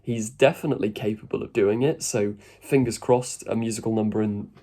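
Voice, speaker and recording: A man's voice: fairly low pitch, fairly even intonation, fairly quick, warm tone. A man giving a chatty, rambling video review with casual asides. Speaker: YouTube reviewer.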